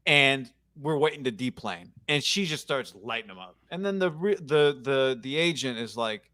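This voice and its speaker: Animated male sports talk host. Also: mid-range voice, moderate pace. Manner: animated storytelling, blunt opinions. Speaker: radio show host.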